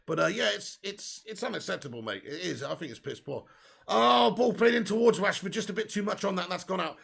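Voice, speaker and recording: A man hosting a live football watch-along, chatty and excitable, swearing freely and reading out viewer comments. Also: high-pitched, brisk, creaky, slightly rough. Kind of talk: casual live match commentary.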